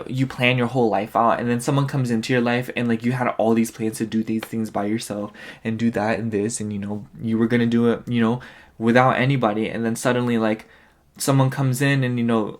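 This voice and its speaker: Rambling, tired man reading tarot. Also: mid-range voice. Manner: rambling, full of "like" and "you know". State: tired, yawning. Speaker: tarot reader. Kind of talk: casual pick-a-card tarot reading.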